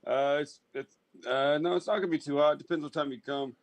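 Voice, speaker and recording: A man's voice: fairly high pitch, steady tone, a little fast, dry recording. A man co-hosting casual sports talk radio at a studio mic, easygoing and agreeable. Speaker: co-host. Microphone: studio microphone.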